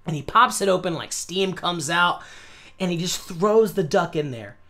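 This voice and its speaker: A young man from the United States telling a story on a podcast, animated and loud, often breaking into laughter and yelling. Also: sits high, normal speed. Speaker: podcast host. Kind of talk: casual storytelling.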